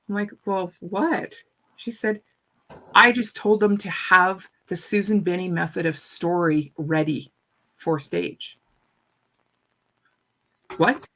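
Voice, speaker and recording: A woman telling a story in an animated, casual chat, often repeating her first words. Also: medium pitch, measured pace, long pauses. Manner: animated, repeats words when starting sentences. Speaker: guest speaker.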